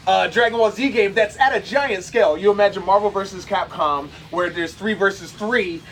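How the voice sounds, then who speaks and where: Male co-host, high voice, eager and excited, casual livestream chat. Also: moderate pace, a little hiss or hum. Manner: eager, explains games with excitement.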